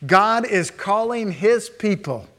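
A man preaching a sermon to his congregation, swinging between a hushed, earnest tone and raised, emphatic declarations. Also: high-pitched, lively intonation, slow. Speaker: pastor.

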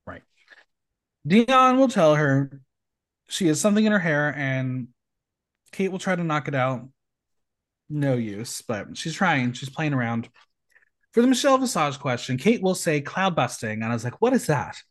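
A man's voice: a little high, sing-song, unhurried, pauses often. A man hosting a recap podcast, reading out the episode with playful asides. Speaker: podcast host. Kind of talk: reality show recap podcast.

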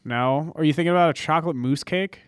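A man's voice: a little high, quick pace, no room sound, clean studio sound. A young man co-hosting a podcast in casual, teasing chat, full of slang and jokes. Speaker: podcast co-host.

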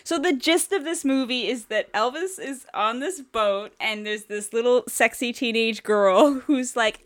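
A woman's voice: fairly high pitch, a little slow, hardly any pauses. A woman co-hosting a podcast, reviewing a movie in a casual, rambling way, laughing and swearing often. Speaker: podcast co-host.

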